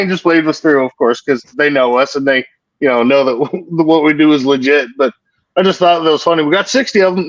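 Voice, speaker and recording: A man in casual livestream chat, crude and joking, cursing freely as he tells stories. His voice is fairly high. The audio is dull and lo-fi, dry with no room. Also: a little fast, dry recording. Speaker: co-host of a livestream hangout.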